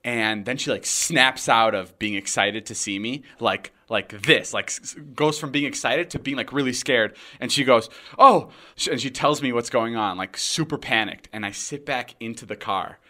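A man's voice: medium pitch, moderate pace, few pauses. A young man, a podcast host, telling a wild story in casual chat, swearing and acting out the quotes. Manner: animated, swearing often, acts out quotes.

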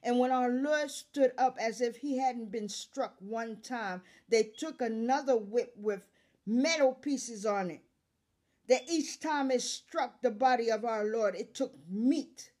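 A woman reading scripture aloud verse by verse, calling out verse numbers and restating each passage in plain words, with pauses where she coughs. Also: on the high side, a little mellow. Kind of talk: Bible reading with commentary.

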